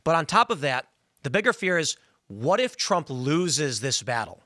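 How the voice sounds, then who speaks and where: A man in his thirties hosts a political podcast, his voice bright and a little high, recorded close and dry with no room sound. He talks earnestly and strings his thoughts together in long runs. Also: very animated, normal speed, no room sound. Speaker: podcast host. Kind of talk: casual political talk show.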